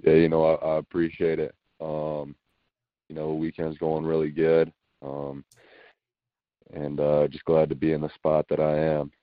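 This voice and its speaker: A man's voice: extremely low pitch, completely flat delivery, measured pace, dry recording. A young man being interviewed over the phone, answering plainly and hesitantly with many fillers. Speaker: guest football recruit. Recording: dull dry phone line.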